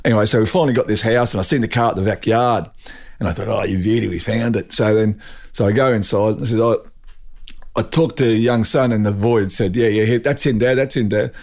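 An older man with an Australian accent, a guest telling a rambling, animated anecdote full of restarts. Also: on the low side, fast. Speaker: guest, retired drag racing champion. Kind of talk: storytelling anecdote.

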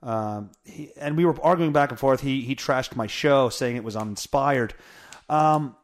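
A man with a mid-range voice, speaking a little slowly, rants casually on his own podcast. He's blunt and profane and mocks himself, recording at home on a pop-filtered studio mic that feeds into a mixer.

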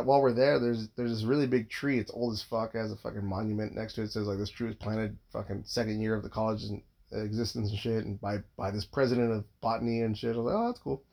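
A man's voice: mid-range voice, vocal fry, a little mellow. A man in his thirties, a father, telling a long casual story, rambling and swearing constantly with lots of filler words.

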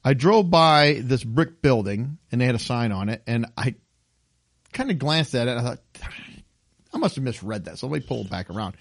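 A man's voice: medium pitch, normal speed, no echo. A man chatting casually on a podcast, telling stories with laughter and acted-out voices. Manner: animated storyteller, acts out voices with laughs. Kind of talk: casual chat.

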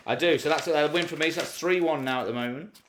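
A man's voice: a little high, fast, slight background noise. A man co-hosting a casual comedy podcast. He chats, jokes and laughs often. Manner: chatty, laughs often, lively intonation. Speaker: podcast co-host.

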